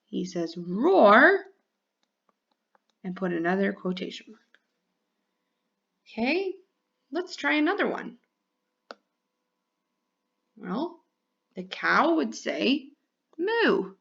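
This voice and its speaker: A woman teacher giving a lesson to young children, speaking clearly and drawing out her words in a sing-song way. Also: medium pitch, big pitch swings, slow, pauses often, fairly bright tone, lo-fi sound.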